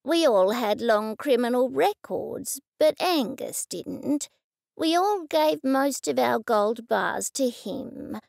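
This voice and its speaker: A woman voicing a vague, rambling elderly man in his eighties in a storybook reading, speaking slowly and softly. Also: a little high, animated, gravelly, no echo, clean studio sound, exaggerated voice. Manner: slow, soft, rambling.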